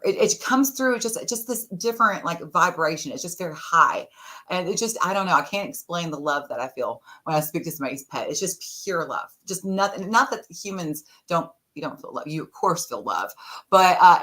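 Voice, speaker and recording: A middle-aged woman guest on a podcast, telling stories casually and laughing often. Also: on the low side. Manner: warm storyteller, laughs often. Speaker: podcast guest, tarot reader. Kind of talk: casual interview talk.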